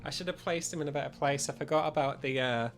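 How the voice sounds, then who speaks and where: A man's voice: a little high, fast talker, faint music behind. A man streaming a game live through a studio mic with a pop filter, chatting and thanking viewers over and over.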